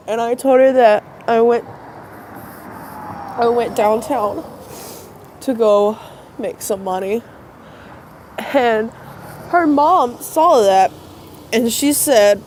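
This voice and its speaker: A woman with a stuffy, congested nose from crying talks into her phone outdoors. Her voice sits fairly high but sounds soft and mellow. She rambles and hesitates, with faint traffic in the background. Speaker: vlogger. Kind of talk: casual rambling talk to camera. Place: outdoors by a road at dusk.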